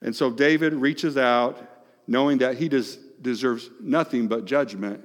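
A male pastor preaching a sermon, swinging between hushed, soft phrases and loud, emphatic ones. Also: medium pitch, unhurried. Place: large church hall. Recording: long echoing hall reverb.

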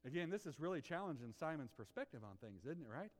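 A man preaching a sermon with passion, swinging from loud outbursts to hushed tones and asking his listeners rhetorical questions. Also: a little high, big pitch swings, fast talker, in a large hall. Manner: asks the congregation rhetorical questions. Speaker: pastor.

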